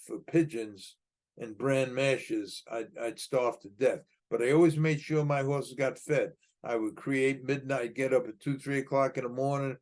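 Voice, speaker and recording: A man's voice: medium pitch, darkish tone. An older American man telling a long story from his past, rambling with repeated words and restarts, acting out tough-guy dialogue. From United States. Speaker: podcast guest telling his life story. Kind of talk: casual storytelling.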